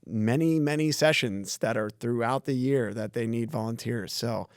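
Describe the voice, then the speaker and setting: Easygoing man guest, mid-pitched, frank and anecdotal, dry close podcast mic. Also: moderate pace, dry recording. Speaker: community foundation staff. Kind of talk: casual podcast conversation.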